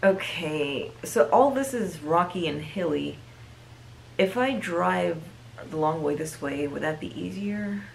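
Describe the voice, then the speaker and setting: A woman chatting to herself while playing a video game, with sudden excited exclamations. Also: fairly low pitch, a little slow, creaky, a little hiss or hum, low-quality recording. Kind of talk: casual let's play commentary. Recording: loud game sounds behind voice.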